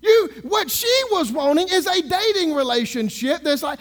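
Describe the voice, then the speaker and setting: A male minister telling a story in a sermon, sarcastic and animated, acting out the people he talks to. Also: extremely high pitch, a little fast, hardly any pauses. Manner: sarcastic, animated storyteller who acts out dialogue.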